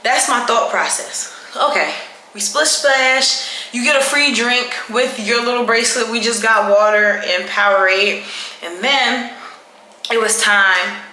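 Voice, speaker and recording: A woman vlogger telling a travel story in a casual, animated way, talking to camera during her night routine. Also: fairly high pitch, a little slow. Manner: animated, chatty, with dramatic retelling. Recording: echoey room with faint background noise.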